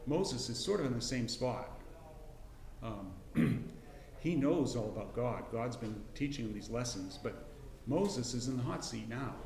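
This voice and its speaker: A man's voice: mid-range voice, expressive, a little slow, a little mellow, reverberant. Folksy man teaching a Bible class. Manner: folksy, rambling, frequent restarts and throat clearing. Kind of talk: casual Bible lesson with personal story. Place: church classroom.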